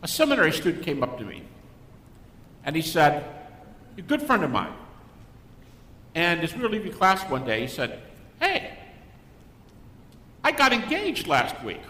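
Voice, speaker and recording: Animated older man lecturing in an echoey hall. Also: normal speed, pauses often. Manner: animated storyteller who acts out quoted people. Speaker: guest speaker. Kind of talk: Christian apologetics lecture to a live audience. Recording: echoey hall with faint rumble.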